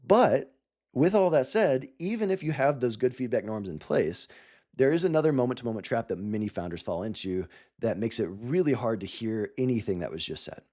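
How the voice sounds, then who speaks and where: A man's voice: medium pitch, animated, brisk, darkish tone. A man giving a coaching talk to founders, earnest and explaining step by step with examples. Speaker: cofounder coach.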